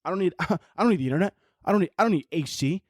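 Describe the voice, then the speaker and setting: Man impersonating a hype entrepreneur, preachy, repetitive, a bit high, dry close sound. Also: lively intonation, rapid-fire, a little mellow, no room sound. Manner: preachy motivational patter, repeating himself.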